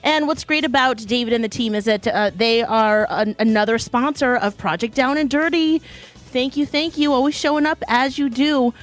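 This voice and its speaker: A woman's voice: fairly high pitch, moderate pace. A female radio co-host with a Minnesota accent doing a cheerful live sponsor read. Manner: upbeat, chiming in with quips. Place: live broadcast studio.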